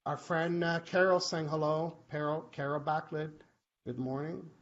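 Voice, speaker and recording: A man hosting a live online question-and-answer show, chatty and animated, often acting out short quoted exchanges. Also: on the high side, a little slow. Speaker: host. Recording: muffled live-stream audio with faint hiss.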